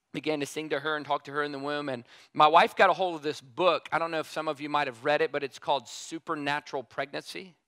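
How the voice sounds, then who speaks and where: A man preaching a sermon in a casual, animated way, telling a story and repeating emphatic refrains. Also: on the high side, clean tone, no echo.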